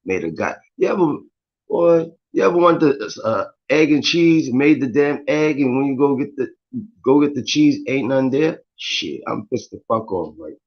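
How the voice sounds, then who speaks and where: A man's voice: mid-range voice, expressive, normal speed. Slangy man on a lo-fi stream. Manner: slangy, swearing, greets viewers by name. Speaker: live stream host. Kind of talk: casual morning live chat.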